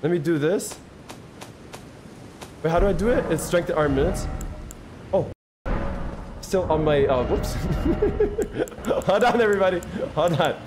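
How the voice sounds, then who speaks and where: A man streaming a video game live, chatting casually and excitedly with his viewers in slang and thanking them constantly. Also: a little high, normal speed, long pauses, background noise. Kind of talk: casual live-stream chat while gaming.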